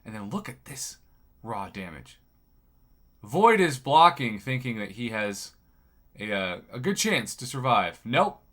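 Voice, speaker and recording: A man hosts a gaming video, talking casually over footage and breaking down each play with upbeat analysis. His voice is a little groggy from a bad night's sleep, yet it keeps a bright, forceful edge at an ordinary male pitch. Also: sing-song, measured pace. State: groggy after poor sleep. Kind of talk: casual gameplay commentary.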